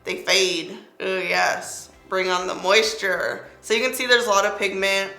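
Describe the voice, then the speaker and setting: Young woman, bright lively tone, chatty beauty-tutorial talk, echoey room, faint music behind. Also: medium pitch, moderate pace, vocal fry. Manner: chatty, playful, talks through each step. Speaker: beauty vlogger. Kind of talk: makeup tutorial chat. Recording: roomy echo, faint music.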